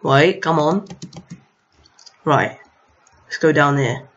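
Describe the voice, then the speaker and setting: A man's voice: fairly high pitch, takes it slowly, fairly bright tone. A young man casually commenting on his own gameplay, chatting to enemies on screen with mild exasperation. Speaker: gaming video host. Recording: lo-fi home mic.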